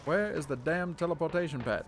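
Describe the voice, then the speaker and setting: A man with a fairly high voice gives running commentary as he plays a game live. He is playful and sarcastic and often talks straight to the game's characters. Steady game noise fills the stream behind him. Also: a little fast.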